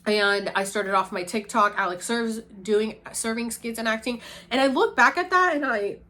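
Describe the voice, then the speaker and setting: Speaking at normal speed, a woman from Puerto Rico chats to camera in a casual talking-head vlog. Her animated delivery swings between quiet, low murmurs and high bursts of excitement.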